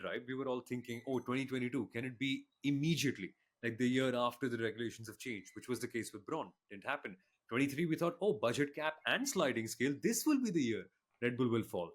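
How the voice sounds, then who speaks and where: Guy on a podcast, mid-pitch voice, talks things through thoughtfully. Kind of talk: casual podcast chat.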